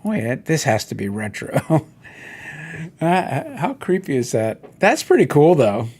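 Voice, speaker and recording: A man's voice: medium pitch, unhurried. A middle-aged man hosting a casual solo chat, rambling and telling stories while he browses toy listings. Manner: rambling, animated storytelling with quoted voices. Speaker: host.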